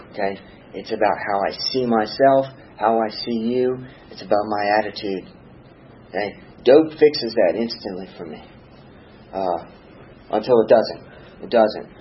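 A man's voice: on the low side, muffled recording, a little hiss or hum. A man from Virginia giving an earnest personal testimony about his past, often checking in with "okay?" and "all right?". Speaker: speaker sharing a recovery story.

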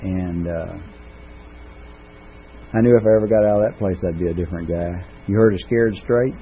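A man's voice: sits low, normal speed. Man telling his recovery story, tinny sound. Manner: folksy storytelling with self-mocking humor. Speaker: recovery speaker. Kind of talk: recovery meeting testimony. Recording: tinny phone-like recording with faint noise.

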